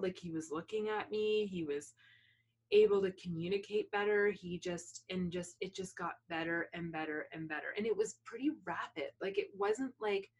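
A woman's voice: lowish voice, husky. A woman who is a mother, telling an emotional personal story with many fillers and restarts. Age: adult parent. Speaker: guest.

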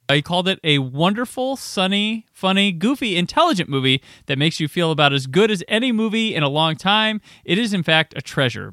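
Bright, crisp-voiced male podcast host. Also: a little high, no room sound, studio quality. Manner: rambling, anecdotal, quick asides. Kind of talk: casual film chat.

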